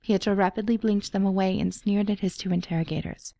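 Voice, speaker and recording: A woman reading a story aloud as an audiobook narrator, in a measured storytelling manner. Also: medium pitch, steady tone, mellow, no room sound. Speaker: podfic reader.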